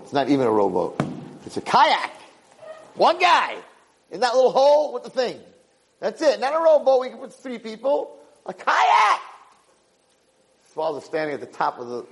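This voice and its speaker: Animated man telling a parable. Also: fairly high pitch, slightly rough, poor audio. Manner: animated storyteller, Yiddish-sprinkled. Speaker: Jewish lecturer. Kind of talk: parable storytelling lecture.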